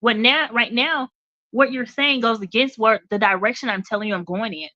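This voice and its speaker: Direct talk show lady, bright and forceful, keeps asking okay?, dry dull audio. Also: fairly high pitch, normal speed, dry recording. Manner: direct, emphatic, checks in with "okay?". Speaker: radio talk show host. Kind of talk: motivational talk.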